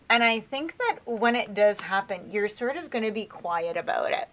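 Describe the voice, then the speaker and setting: A woman doing a tarot reading for her viewers, talking in a loose, rambling, conversational way. She laughs at herself now and then, fills her pauses with "um," and keeps checking in with "right?" Her voice sits at an ordinary middle pitch for a woman. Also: expressive, fairly bright tone. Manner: chatty, rambling, laughs at herself, lots of fillers. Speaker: tarot reader. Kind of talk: casual tarot reading to camera.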